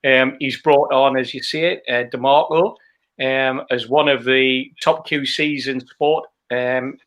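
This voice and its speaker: A man giving measured, hedging analysis on a casual football podcast. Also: mid-range voice, fairly even intonation, fairly bright tone. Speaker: podcast co-host.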